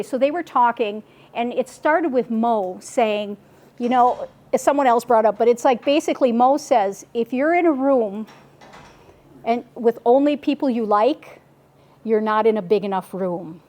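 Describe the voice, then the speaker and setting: A woman's voice: a little high, normal speed. Chatty woman telling a meeting story. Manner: chatty and animated, with many asides and restarts. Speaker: local group member reporting to a meeting. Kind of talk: casual storytelling report. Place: meeting room.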